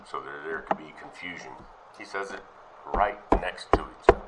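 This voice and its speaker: A man's voice: rumbling low, moderate pace, heavy background noise. A man teaching a sermon, reading Bible passages aloud and then questioning and explaining them.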